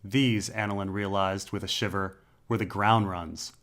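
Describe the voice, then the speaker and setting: Low-pitched male narrator, measured and dramatic, for a dark fantasy audiobook. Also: steady tone.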